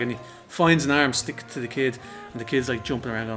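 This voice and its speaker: Young man, casual podcast chat, rambling joke-teller, bright voice, faint music behind. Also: medium pitch, fairly even intonation, fast talker. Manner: rambling, giggly storyteller. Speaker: podcast co-host. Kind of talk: casual chat, telling jokes.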